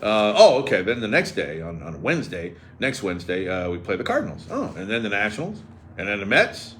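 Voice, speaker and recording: A man's voice: fairly low pitch, brisk, a little hiss or hum. A man hosting a sports radio show, riffing and joking sarcastically in casual banter. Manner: animated, sarcastic, riffing jokes. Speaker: radio host.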